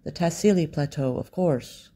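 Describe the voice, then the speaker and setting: A man's voice: on the high side, normal speed, mellow, close to an everyday voice. Man voicing a tense, impatient local man. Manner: blunt and impatient.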